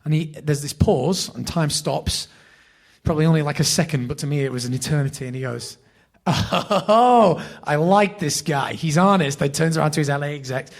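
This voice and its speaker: Man with a northern English accent, raised pitch, gravelly; animated self-deprecating guest. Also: quick pace. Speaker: actor, podcast guest. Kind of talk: anecdotal storytelling.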